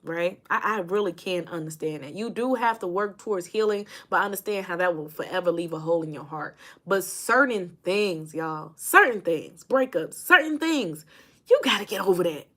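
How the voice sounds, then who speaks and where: A woman's voice: on the low side, expressive, moderate pace, hardly any pauses, sharp tone. A woman from Indiana, a life coach, giving an emphatic, casual motivational talk to her viewers, repeating phrases and calling them y'all.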